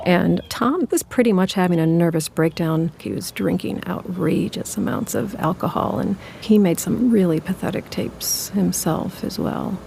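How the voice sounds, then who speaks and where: A woman's voice: on the low side, moderate pace, creaky, hardly any pauses, warm tone, slight background noise. Reflective woman telling a story. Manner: reflective, conversational. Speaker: narrator. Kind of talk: personal storytelling. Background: music.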